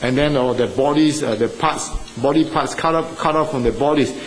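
A man preaching a sermon with an earnest, halting delivery, full of fillers, rising with emphasis at key points. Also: medium pitch, rough recording. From Singapore or Malaysia.

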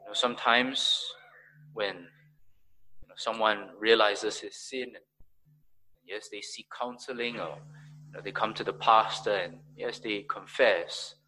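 A man preaching a sermon as pastor, swinging between emphatic raised peaks and quiet, low passages. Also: fairly even intonation, a little slow, long pauses, slight background noise, rough recording.

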